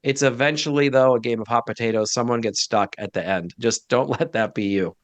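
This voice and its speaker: A man's voice: medium pitch, a little fast, no echo. A man speaking as a guest financial advisor in a casual interview, direct and emphatic with blunt opinions.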